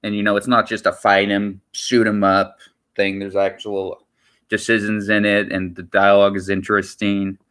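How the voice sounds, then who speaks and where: A man's voice: fairly low pitch, completely flat delivery, moderate pace, fairly bright tone. A man chatting casually on his livestream, rambling and repeating himself with lots of filler words. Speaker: streamer.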